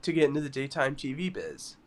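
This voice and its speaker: A man co-hosting a podcast, telling stories in a giggly, animated casual chat. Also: medium pitch, brisk. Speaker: podcast co-host.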